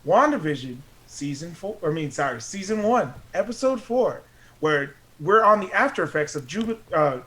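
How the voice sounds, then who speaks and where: A man's voice: on the high side, big pitch swings, normal speed, a bit bright. A young man co-hosting a podcast in casual chat, joking, laughing often and slipping into silly voices. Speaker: podcast co-host.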